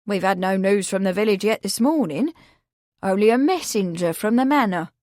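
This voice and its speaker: A woman voicing a brisk, sharp-tongued older cook in a kitchen, blunt and quick. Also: medium pitch, dry recording, studio quality, close to an everyday voice.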